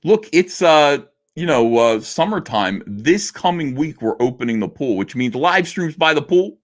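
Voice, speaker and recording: A man's voice: fairly high pitch, big pitch swings, measured pace. A middle-aged man hosting a casual livestream, reading viewer messages aloud and answering them in a loose, joking way with many fillers. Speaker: livestream host reading super chats.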